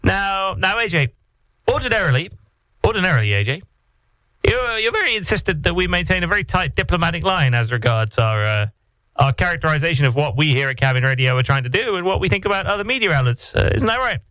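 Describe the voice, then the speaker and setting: A man's voice: fairly high pitch, animated, fast, sharp tone, no room sound, low-quality recording. A man hosting a morning radio show, chatting playfully and rambling in a studio. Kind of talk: casual studio banter.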